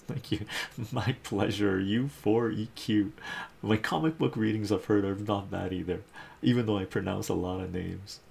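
Male stream host, deep and gravelly, upbeat casual chatter over faint noise. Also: darkish tone. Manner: enthusiastic, reads out chat messages and covers. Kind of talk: casual chat about comic books.

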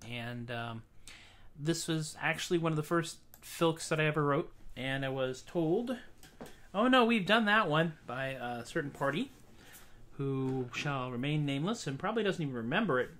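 A man's voice: mid-range voice, animated, normal speed, a little hiss or hum. A man hosting his own casual livestream show, chatting wryly and self-deprecatingly on a webcam between songs. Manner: wry, self-deprecating, rambling. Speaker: singer-songwriter host. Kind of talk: casual solo livestream chat.

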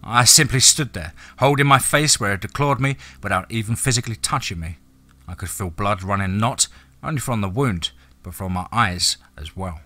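A man narrating a scripted horror story in a measured, dramatic way. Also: on the low side, pushed and bright, no room sound.

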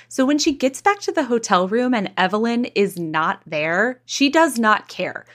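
A woman's voice: fairly high pitch, unhurried. A woman hosting a podcast, telling a gossip story in a casual way, acting out the people in it and laughing often. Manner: animated storyteller, acts out quotes, laughs often. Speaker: podcast host.

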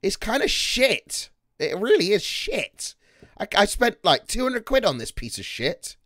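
A man's voice: high-pitched, big pitch swings, measured pace, pushed and bright, no echo, clean studio sound. Brash, foul-mouthed male streamer. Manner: brash, profane, mocking. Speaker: livestreamer. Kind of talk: casual live-stream chat.

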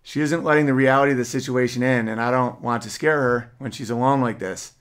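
A man's voice: mid-range voice, fairly even intonation, a little fast, fairly bright tone, clear, resonant tone. A man, a podcast host, earnestly reading an emotional personal story aloud.

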